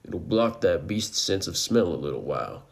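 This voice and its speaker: A man voicing a seasoned hunter and father who speaks in a folksy, rustic way with calm reassurance. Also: low voice, moderate pace, creaky, exaggerated voice. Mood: steady.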